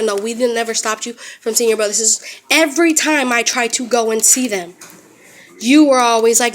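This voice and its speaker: A woman's voice: a little high, fast talker, a little hiss or hum. A young woman angrily confronting her in-laws, cursing and sarcastically quoting them. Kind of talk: angry confrontational rant to family.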